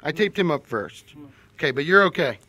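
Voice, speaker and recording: A man's voice: a little high, lively intonation, brisk, bright, forceful tone. A man acting as an erratic robber who swings between threats and apologies in a comedy sketch. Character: erratic jittery male robber, menacing yet apologetic.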